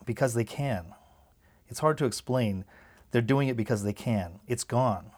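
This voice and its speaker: A man's voice: medium pitch, a little slow, darkish tone, breathy edge. A man reading the part of a worried, anxious mother who pleads and repeats herself. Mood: resigned. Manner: pleading, insistent repetition. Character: worried anxious mother, middle-aged woman.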